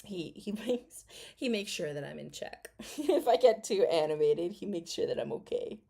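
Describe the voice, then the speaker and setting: Sarcastic woman with a lively voice. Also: fairly low pitch, moderate pace, creaky. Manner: blunt, sarcastic, swears a lot, laughs often. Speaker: commentary vlogger. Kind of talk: casual reaction chat.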